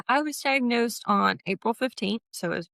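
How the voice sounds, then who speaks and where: A woman's voice: fairly high pitch, moderate pace, gravelly, no room sound. A woman in her fifties, a podcast guest, telling her story candidly and acting out the voices in it. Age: 50s. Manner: animated, acts out quoted voices.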